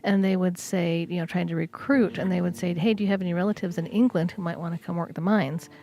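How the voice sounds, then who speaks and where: A woman's voice: fairly low pitch, steady tone, fast, mellow. A woman co-hosting a casual podcast, chatty and self-deprecating, prone to friendly digressions. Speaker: podcast co-host. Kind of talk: casual paranormal podcast chat.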